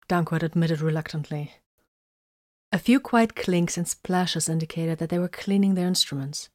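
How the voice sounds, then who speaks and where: Low-voiced woman narrating a story. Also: no room sound, clean studio sound. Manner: steady, measured storytelling. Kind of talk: audiobook narration.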